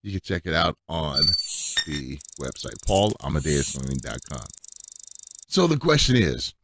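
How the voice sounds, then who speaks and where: A man hosting a tech radio show, his voice raspy from allergies, talking in a playful, chatty way. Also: sing-song, measured pace, a bit bright. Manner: playful, chatty, drops into a low murmur.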